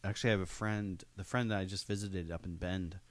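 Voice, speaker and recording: A man with a lowish voice chats in a relaxed, playful way, rambling and restarting as he goes. His talk stays light and casual throughout. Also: fast talker. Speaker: live stream co-host. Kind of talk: casual banter.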